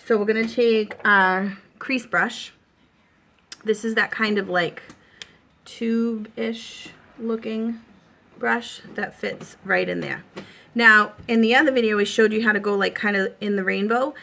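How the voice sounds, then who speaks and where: A woman with a Boston accent talks the viewer through a makeup look in a bright, forceful voice. She keeps it easy and reassuring, full of fillers. A faint hiss sits under her voice. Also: medium pitch, fairly even intonation, unhurried, gravelly. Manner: chatty, reassuring, lots of fillers. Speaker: makeup tutorial host. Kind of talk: casual makeup tutorial.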